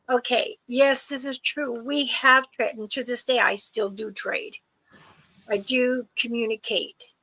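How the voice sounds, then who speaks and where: Older female host, slow and gravelly, reads questions. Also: a little high, fairly even intonation, pushed and bright, low-quality recording. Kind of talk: casual livestream chat.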